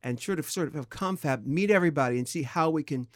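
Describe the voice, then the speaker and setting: Thoughtful halting man on a podcast. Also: no room sound, studio quality. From San Diego, California. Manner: thoughtful, halting, expressive swings in pitch. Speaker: podcast co-host. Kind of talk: candid casual chat.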